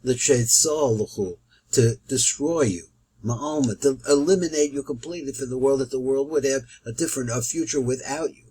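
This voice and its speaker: A man's voice: medium pitch, a little fast, dark tone, husky, low-quality recording. A man teaching a recorded Torah study lesson, explaining Hebrew and Aramaic quotations as he goes.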